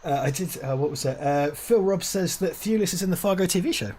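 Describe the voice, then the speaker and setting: A man's voice: sits high, fairly quick, a little mellow. A man co-hosting a watch party, talking casually, swearing and laughing often. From Britain. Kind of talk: casual chat. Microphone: lapel mic.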